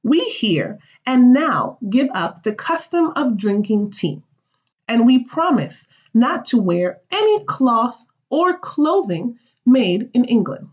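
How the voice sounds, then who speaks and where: A woman's voice: a little high, sing-song, takes it slowly, full character voice. A woman reading the part of a colonial woman formally leading a patriot meeting, in a slightly muffled recording.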